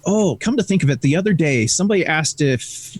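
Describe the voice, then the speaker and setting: A man's voice: a little high, animated, brisk, husky. A man co-hosting a gaming stream, chipping in his opinions in a laid-back way. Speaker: co-host. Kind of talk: casual chat.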